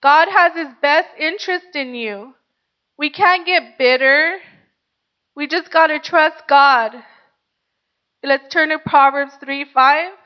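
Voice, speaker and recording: A woman pastor with a high voice tells her own story as a sermon, talking earnestly and casually with lots of "like". The recording sounds a little dull and lo-fi. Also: slow pace, long pauses. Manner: earnest, conversational, frequent "like". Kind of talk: personal testimony sermon.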